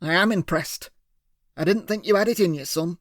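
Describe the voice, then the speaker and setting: A man's voice: sits high, moderate pace, no echo, studio quality. Man voicing Dickman, a coaxing villain boss. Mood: strained. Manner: smooth, patronizing, calls others lad and son.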